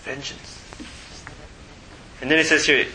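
A man preaching a casual sermon, often pausing to ask his listeners to fill in the missing word. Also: a little high, flat delivery, bright, forceful tone, a little hiss or hum, low-quality recording. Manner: asks the audience to fill in words.

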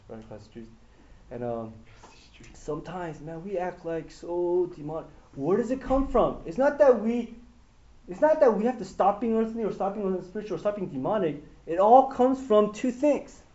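A man giving a casual Bible teaching to a small group, retelling the story with animated, acted-out quotes and swings in loudness. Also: sits high. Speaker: pastor. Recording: dull lo-fi room recording.

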